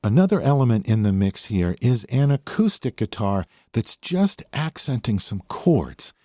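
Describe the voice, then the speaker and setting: Over the song playing underneath, a man hosting a podcast enthusiastically explains it section by section. His voice is mid-range with a darkish tone, and the recording is dry, clean studio sound.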